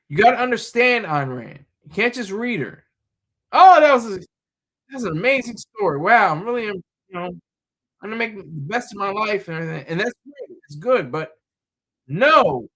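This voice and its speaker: A man's voice: sits high, fairly bright tone. A man talking in a loose, rambling monologue, full of fillers, repeated words and restarts.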